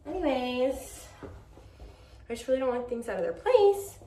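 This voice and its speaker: A young woman with a slightly high voice talks casually to her viewers, addressing them as y'all. She swears freely and keeps a loose, chatty vlog manner. Steady car and road noise hums behind her. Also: moderate pace. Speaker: vlogger. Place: in a car, then at home.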